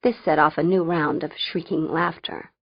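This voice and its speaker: A woman's voice: low voice, steady tone, normal speed, no room sound, muffled recording. A woman narrating a first-person audiobook in a wry, conversational way.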